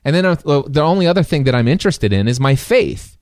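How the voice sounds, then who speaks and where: A man co-hosting a podcast, telling a story in casual chat with animated asides. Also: fairly high pitch, dry recording, studio quality. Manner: animated, quick asides, acts out his own reactions. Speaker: podcast co-host.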